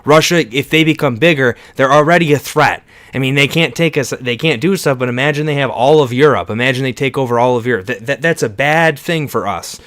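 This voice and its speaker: A man's voice: medium pitch, fairly quick, few pauses, fairly bright tone, no echo. A man in a heated casual political argument with a friend, stammering and restarting, exasperated and insistent, swearing freely. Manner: swears freely, calls the other "bro" and "dude".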